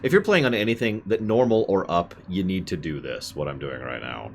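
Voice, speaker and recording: A man's voice: low-pitched, expressive, fairly quick, vocal fry, heavy background noise. A man streaming a game and chatting casually, wandering into side tangents as he plays. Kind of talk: casual gameplay commentary.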